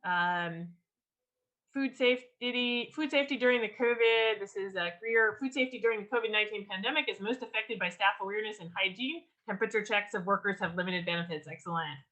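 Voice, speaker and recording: A woman leads an online writing workshop over a video call, teaching with lively enthusiasm and frequent ums and restarts. Her voice is mid-range and fairly quick, and the recording quality is low.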